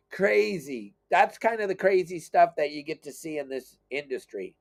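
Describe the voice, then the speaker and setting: A middle-aged fishing guide and boat captain telling a story in a casual chat. He is animated and self-deprecating, and he acts out the people he quotes. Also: on the high side, normal speed.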